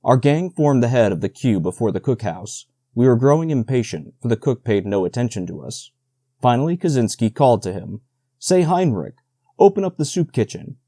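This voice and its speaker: Dry, mellow male audiobook narrator. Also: mid-range voice, lively intonation, brisk, dry recording. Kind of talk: scripted narration.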